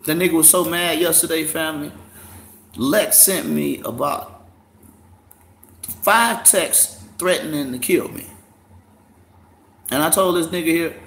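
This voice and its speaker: A man's voice: fairly high pitch, unhurried, creaky, pauses often, a bit bright. A man hosting a casual livestream, profane and mocking, laughing often. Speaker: livestream host. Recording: echoey room, faint background noise.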